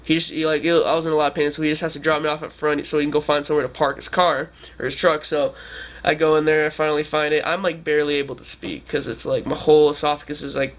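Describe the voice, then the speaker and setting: A man's voice: fairly high pitch, flat delivery, fast talker. A man in his twenties telling a story to camera in a rambling, casual way, with lots of "like" and swearing. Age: 20s. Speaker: vlogger.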